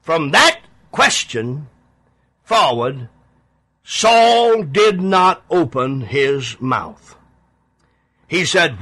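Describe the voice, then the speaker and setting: A man preaching a sermon on the radio, pleading and emphatic, with dramatic pauses and big swings in his voice. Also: on the high side, sing-song, bright, forceful tone, husky.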